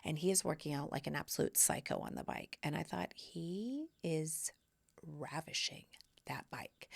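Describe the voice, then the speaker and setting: Woman podcast host, bright, animated storyteller who acts out every quote with sudden leaps up and down. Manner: animated, acts out quotes with big pitch jumps. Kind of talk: casual storytelling.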